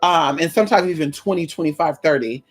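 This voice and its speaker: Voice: mid-range voice, quick pace, faint music behind. A spiritual content creator in casual, profane chat, telling stories straight to viewers with frequent "girl", "honey" and "y'all".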